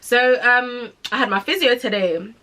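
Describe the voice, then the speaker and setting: A woman's voice: fairly high pitch, unhurried, pushed and bright. A young woman in her twenties with a British accent and London slang, hosting a podcast and telling a story in casual, chatty talk to her listeners. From United Kingdom. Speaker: podcast host.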